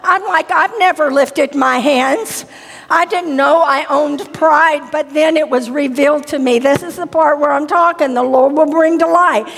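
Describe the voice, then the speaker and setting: Woman preacher, high-pitched, emotive storyteller who sinks into hushed tones; sanctuary with long reverb. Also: a little slow. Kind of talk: sermon with personal testimony.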